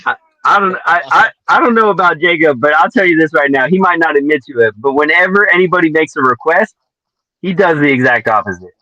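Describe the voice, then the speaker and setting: A man's voice: on the high side, lively intonation, quick pace, bright, forceful tone. A laid-back man hosting a casual podcast, chuckling as he talks. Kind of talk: casual chat. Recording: dull dry audio.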